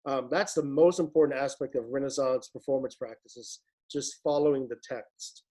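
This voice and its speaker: A man leading a choir rehearsal, explaining a piece with many pauses and restarts and singing short phrases to show the point. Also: mid-range voice, steady tone, mellow, poor audio. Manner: halting, many fillers and restarts, sings short phrases to demonstrate. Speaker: choir director. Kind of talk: rehearsal instruction.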